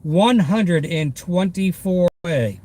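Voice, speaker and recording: A man's voice: high-pitched, expressive, slow. A man with a Boston accent chatting upbeat with his viewers while driving for a food delivery job, in a car with the window cracked. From Massachusetts. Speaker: food delivery driver livestreaming. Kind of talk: casual live-stream chat while driving. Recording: loud wind and road noise in car. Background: traffic and wind through open window.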